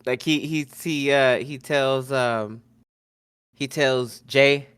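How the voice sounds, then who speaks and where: A man's voice: mid-range voice, fairly even intonation, slow, fairly bright tone, clean tone, no room sound, studio quality. A man co-hosting a podcast, recapping a wrestling show loosely, with fillers and self-corrections. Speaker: podcast co-host.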